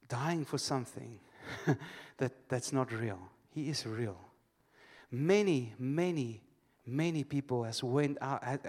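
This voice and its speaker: A man preaching a sermon to a church congregation. He leads call-and-response, tells stories with loose restarts and laughs often. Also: mid-range voice.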